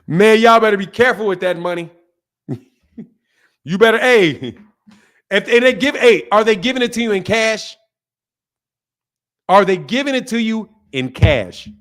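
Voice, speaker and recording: Male reaction host with a very high voice, swearing, incredulous, circling back to the same point. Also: animated, measured pace, long pauses, fairly bright tone. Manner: profane, incredulous, repeats himself, laughing asides. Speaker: boxing channel host. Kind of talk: casual reaction rant.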